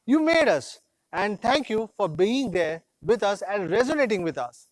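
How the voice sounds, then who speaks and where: Brief: male executive, higher voice, proud rallying keynote, dry close mic. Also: expressive, normal speed, no room sound, rough recording. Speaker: company executive presenting a product launch. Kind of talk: scripted keynote speech.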